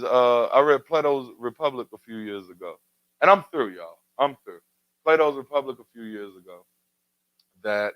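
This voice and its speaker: A man's voice: medium pitch, no room sound, rough recording. A man hosting a community talk show, speaking in a preacherly way with rhetorical questions and building emphatic refrains. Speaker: radio show host. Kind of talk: community talk radio commentary.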